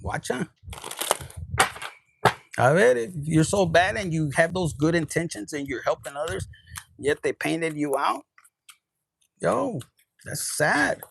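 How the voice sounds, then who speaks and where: Tarot reader, male, somewhat high, husky, dry close sound, casual and profane. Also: lively intonation, slow pace, long pauses, no room sound, low-quality recording. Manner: casual, profane, mixes in Spanish words. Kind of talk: spiritual reading monologue.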